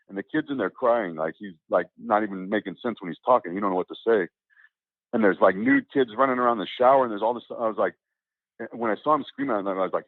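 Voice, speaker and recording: Male guest, casual storyteller, animated and rambling; tinny dry phone-quality audio. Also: on the low side, fast talker, gravelly, no room sound. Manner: rambling, animated, many restarts and quoted voices. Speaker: interview guest.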